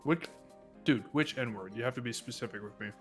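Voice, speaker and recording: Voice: medium pitch, fairly quick, soft background music. A friend on a casual stream, teasing and sarcastically questioning the others.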